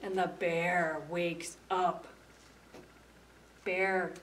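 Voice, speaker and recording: A woman librarian leads a preschool storytime, reading aloud slowly and expressively. Her voice sits a little high yet mellow, gentle and unhurried for young listeners. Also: recorded from a distance. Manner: slow, expressive, gentle with children. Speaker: children's librarian.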